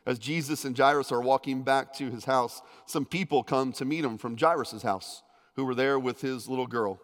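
A man preaching a sermon as pastor, conversational with joking asides, swinging between loud emphasis and hushed intensity. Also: mid-range voice, normal speed. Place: church sanctuary. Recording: long hall reverb.

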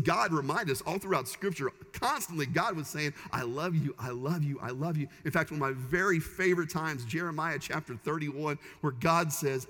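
A man's voice: a little high, fairly bright tone. Emphatic male pastor in a reverberant hall. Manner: emphatic, repetitive preaching cadence. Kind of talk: sermon. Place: church sanctuary. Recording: long reverb of a large church hall.

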